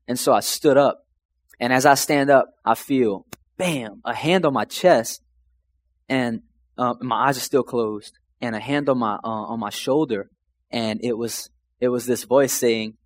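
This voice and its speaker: The young man from Louisiana speaks at a medium pitch and unhurried pace in a dry recording. He's casually telling his faith testimony, rambling and emotional, full of "man" and "like," in a personal storytelling style.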